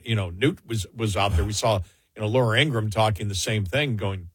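A man's voice: lowish voice, fairly quick, breathy edge, no echo. A man giving heated political commentary as a talk show co-host, exasperated and repeating words for emphasis.

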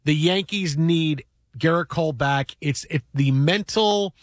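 A man hosting a sports radio show, talking fast in excited bursts and repeating his words, recorded in a studio. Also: on the high side, no echo. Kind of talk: sports radio talk and storytelling.

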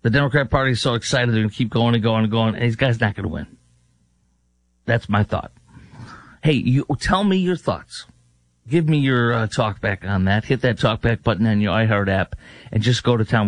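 A man's voice: lowish voice, moderate pace, no echo. Sarcastic man hosting talk radio. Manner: sarcastic, mocking, animated rhetorical questions. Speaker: radio talk show host, filling in. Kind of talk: opinionated political talk radio.

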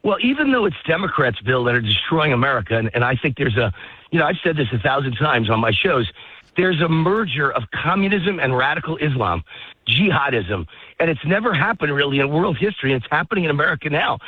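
A man's voice: a little high, very animated, fairly quick, slightly rough, no room sound. A man guest on a political radio show, heated and ranting, out of breath while walking his dog in a park. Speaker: phone-in guest. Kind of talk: political talk radio interview. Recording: tinny phone line.

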